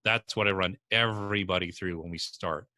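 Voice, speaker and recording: Blunt, punchy New York-area business coach. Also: male voice, low voice, a little fast, no room sound. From New Jersey or New York. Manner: blunt, energetic storytelling with strong language. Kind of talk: podcast interview answers.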